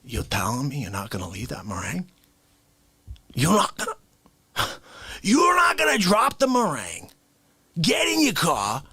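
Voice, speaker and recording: A man putting on an indignant Italian tough guy from the Bronx, ranting slowly and dropping from shouts to hushed whispers. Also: high voice, gravelly, breathy edge, no room sound, full character voice. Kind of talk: comedic character monologue.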